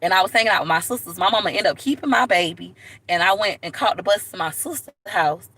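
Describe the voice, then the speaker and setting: A woman chats straight to her viewers in a bright, forceful voice. She is blunt and lively, telling stories with loud asides. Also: medium pitch, fast, breathy edge. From Florida, USA. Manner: blunt, animated, calls viewers baby. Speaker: vlogger. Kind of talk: casual storytelling to camera.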